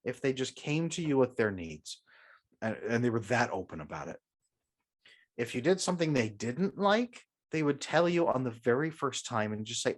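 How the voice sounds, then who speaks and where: A man's voice: medium pitch, big pitch swings, moderate pace. A man speaking as a coach and podcast guest, confident and emphatic, guiding the listener through an imagined scenario. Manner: emphatic and confident, often agreeing firmly. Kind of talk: conversational podcast interview.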